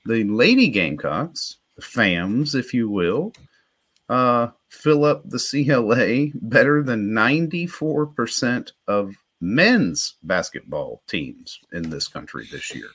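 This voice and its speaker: A man co-hosting a sports talk show, relaxed and quick to laugh. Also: medium pitch, husky. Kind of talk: casual sports chat.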